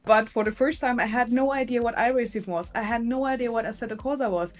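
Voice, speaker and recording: A woman's voice: on the high side, fast. A woman from Germany with a German accent, a podcast guest who is also a racing driver and commentator, chatting in an upbeat way. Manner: upbeat and chatty, laughs often. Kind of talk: casual podcast interview.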